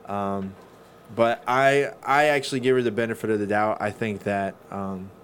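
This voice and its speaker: A man co-hosting a podcast, telling stories in casual chat, animated and swearing freely. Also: lowish voice, moderate pace, a little hiss or hum. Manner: profane, animated storyteller. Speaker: podcast co-host.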